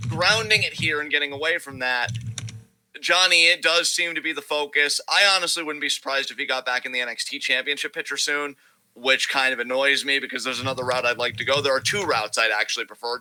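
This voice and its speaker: A man's voice: mid-range voice, sharp tone, rough recording. A young man co-hosting a podcast, giving laid-back, opinionated takes in casual chat. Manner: laid-back, opinionated, says dude and brother. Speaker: podcast co-host.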